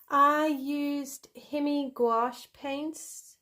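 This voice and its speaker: A woman's voice: high-pitched, steady tone, drawn-out words, bright, forceful tone. A woman hosting a coloring livestream, chatting playfully with viewers and making up a story as she goes. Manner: giggly and playful. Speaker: livestream host. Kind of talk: casual chat while coloring, improvising a story.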